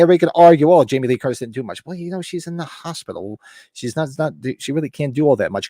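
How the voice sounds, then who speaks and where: A man in his fifties hosting a podcast, talking in a relaxed, rambling way and often restarting his sentences. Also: on the low side, no echo, clean studio sound. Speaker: podcast host. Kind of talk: casual chat.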